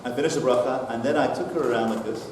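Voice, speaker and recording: A man's voice: mid-range voice, quick pace, noisy background. A middle-aged man, a rabbi, telling a story to a congregation in a synagogue hall and acting out the dialogue. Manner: animated storyteller, acts out dialogue. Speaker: rabbi giving a talk. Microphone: distant mic, far from the speaker. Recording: echoey hall recorded from far off.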